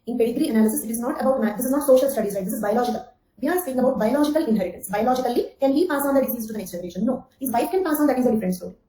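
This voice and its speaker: A woman's voice: a little high, very fast, dark tone, reverberant, slight background noise, low-quality recording. A woman giving an online exam-coaching lecture, repeating key phrases, checking with "okay?" and calling on students by name. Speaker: anthropology teacher.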